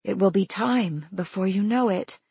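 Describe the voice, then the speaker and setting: A woman reading the lines of an elderly wife who is wry and affectionate, speaking softly and playfully. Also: mid-range voice, moderate pace, creaky, husky, no room sound.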